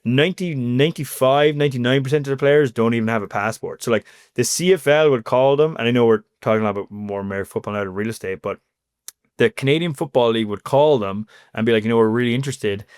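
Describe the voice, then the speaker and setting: A man's voice: mid-range voice, smooth, no echo. Chatty Cork Irish man, dry sound. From Cork, Ireland. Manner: chatty, many "like" and "you know" fillers, quick. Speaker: guest. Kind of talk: casual interview chat.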